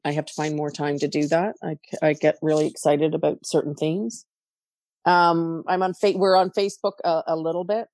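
Low-voiced woman telling stories. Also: no room sound, studio quality. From Canada. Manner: emotional, animated storytelling. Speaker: podcast guest, coach. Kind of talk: casual interview talk.

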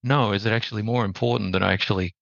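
A man with an Australian accent, a podcast guest telling a story in a measured, reflective way. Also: lowish voice, fairly even intonation, vocal fry, fairly bright tone, no echo, lo-fi sound. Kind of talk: conversational storytelling.

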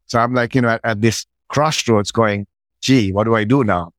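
A middle-aged man, a podcast guest, telling a personal story in a relaxed conversational way and acting out his own side of past conversations. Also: fairly low pitch, normal speed, no room sound.

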